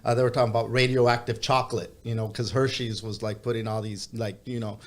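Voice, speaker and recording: A man's voice: mid-range voice, flat delivery, fast. A man as a podcast guest, telling a long story in casual chat with many hesitations. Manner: meandering storytelling with frequent hesitations.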